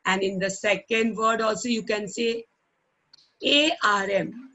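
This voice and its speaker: A middle-aged woman with an Indian English accent teaching children in an online class. She talks slowly and patiently, repeating words for the children to copy and often checking in with a coaxing "okay?". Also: a little high, pushed and bright, lo-fi sound. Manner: ends phrases with coaxing "okay?". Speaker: primary school English teacher. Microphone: online call microphone.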